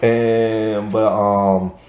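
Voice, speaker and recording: A man's voice: fairly low pitch, level tone, drawn-out words, darkish tone, highs cut off. A young American man giving a rambling, casual movie review, full of fillers and restarts. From United States.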